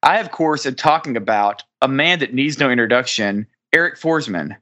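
A man hosts a gaming podcast in a bright, ringing voice. He jokes his way through the introductions and keeps the chat light and playful. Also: medium pitch, lively intonation, normal speed. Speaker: podcast host. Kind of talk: casual podcast banter.

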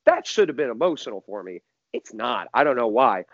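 A man rambles through a story as a podcast guest, his pitch bouncing all over as he piles up restarts and fillers. The sound is dry and a little dull, close to the mic. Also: sing-song, brisk, no echo. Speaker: musician guest.

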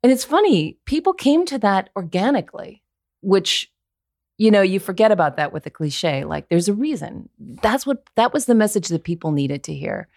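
Woman, voiceover actor, podcast guest, earnest, candid, thinks aloud, fry, dry close sound. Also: mid-range voice, big pitch swings, moderate pace, darkish tone, no echo. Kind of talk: casual interview chat.

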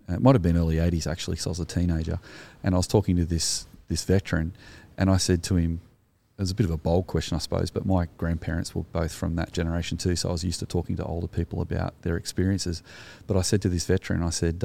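A man's voice: sits low, flat delivery, fast, creaky, dark tone. A man in his fifties with an Australian accent, co-hosting a casual theological podcast discussion, talking conversationally with frequent restarts. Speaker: podcast co-host.

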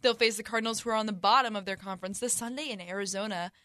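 A woman's voice: medium pitch, very fast, pushed and bright. A teenage girl reading the sports update on a student radio show, upbeat and scripted.

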